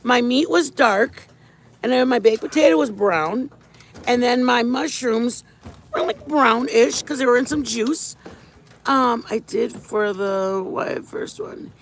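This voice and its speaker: Middle-aged lady on a livestream, kinda gravelly, rambles thru stories, yells hi to viewers. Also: fairly high pitch, slow. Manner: rambling, animated storytelling, shouts greetings to viewers. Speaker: livestream host. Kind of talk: casual chat with viewers.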